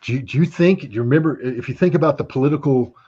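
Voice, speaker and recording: Blunt husky man on a muffled line. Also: medium pitch, fast, dark tone. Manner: blunt, sardonic, emphatic. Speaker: guest commentator. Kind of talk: livestream geopolitics discussion.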